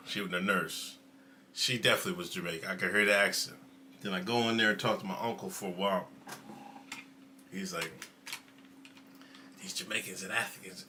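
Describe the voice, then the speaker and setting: This livestream host rambles casually through stories, laughing often, swearing freely, and sometimes sinking to a near whisper. His voice sits fairly low and sounds pushed and bright, with slight background noise.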